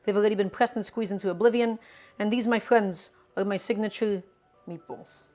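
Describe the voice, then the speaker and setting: A woman's voice: medium pitch, fairly even intonation, fairly quick, mellow, soft background music. Chatty woman streaming from her kitchen. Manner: chatty, playful, answers chat questions. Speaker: cooking streamer. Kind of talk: casual live-stream cooking chat. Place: home kitchen.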